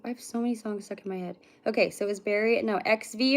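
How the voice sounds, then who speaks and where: A woman hosting live psychic readings, talking with her chat at an everyday middle pitch. She greets viewers one by one and fills the pauses by humming and murmuring to herself. The tone stays relaxed and conversational. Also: a little hiss or hum. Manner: chatty, greets viewers by name, hums and mutters to herself between readings. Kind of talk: casual livestream chat with viewers.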